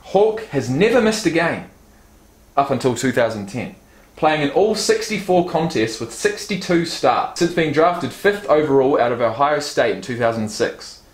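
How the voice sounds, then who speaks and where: A man's voice: fairly high pitch, lively intonation, normal speed. Chatty male vlogger, roomy echo. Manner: chatty, reads card stats aloud, swears casually. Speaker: YouTube vlogger. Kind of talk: casual unboxing vlog.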